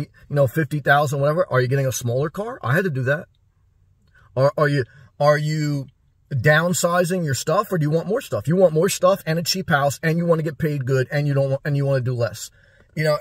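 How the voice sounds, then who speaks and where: Husky man lecturing through rhetorical questions. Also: a little high, dry recording, clean studio sound. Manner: preachy, rapid rhetorical questions, repeats himself. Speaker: vlogger. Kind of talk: direct-to-camera advice monologue.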